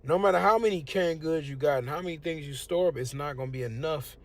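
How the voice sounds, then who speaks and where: A man's voice: a little high, quick pace. Give me a young American man sharing a preachy, conversational religious testimony. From United States. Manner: casual, conversational, preachy asides. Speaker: testimonial speaker.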